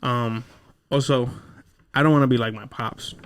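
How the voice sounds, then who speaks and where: Young male podcast co-host, mid-pitched, loose storyteller who swears freely. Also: fairly even intonation, normal speed. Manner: laid-back, swears freely, acts out quotes. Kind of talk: casual chat, storytelling.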